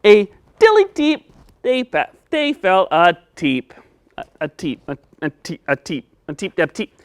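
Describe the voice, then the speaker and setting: A man's voice: sits high, big pitch swings, smooth. Man doing a lisping boy puppet. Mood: halting. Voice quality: lisp, says t for s. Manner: eager and halting.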